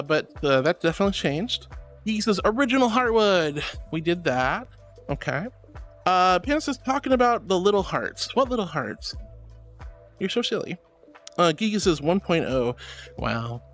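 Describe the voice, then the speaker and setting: A man's voice: high voice, sing-song, moderate pace, a bit bright, soft background music. A man streaming as a VTuber in casual chat, reading viewer messages aloud and greeting people affectionately with pet names. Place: VRChat stream.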